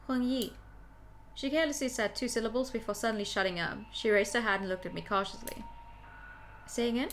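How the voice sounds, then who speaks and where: A woman's voice: medium pitch, a bit bright, slight background noise. A young woman streamer playing a story game, reading its text aloud and chatting about it between lines.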